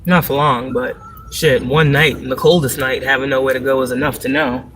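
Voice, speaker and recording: A woman's voice: a bass voice, steady tone, moderate pace, a crowd in the background, poor audio. A woman chatting casually on a live stream while driving, profane and rambling, laughing often. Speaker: spiritual vlogger. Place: in a car, driving. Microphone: phone.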